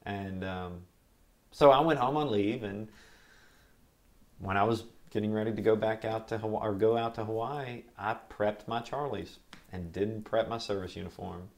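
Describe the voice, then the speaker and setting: A young man, a Marine veteran, telling his service stories in an oral history interview in a relaxed, rambling way. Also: lowish voice, normal speed.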